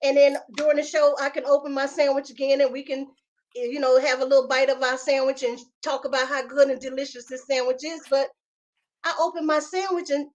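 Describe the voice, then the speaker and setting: Brief: woman podcast co-host, high voice, emphatic and indignant, repeats herself for effect. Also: flat delivery, brisk, highs cut off. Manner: emphatic, indignant storytelling with lots of repetition. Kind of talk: casual chat, storytelling.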